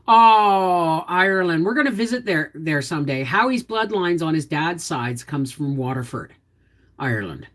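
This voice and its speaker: Lively folksy woman hosting a livestream. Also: deep voice, normal speed. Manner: chatty, explains cooking and gardening while answering viewers' comments; folksy, down-to-earth. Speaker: homestead channel host. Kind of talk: casual livestream chat.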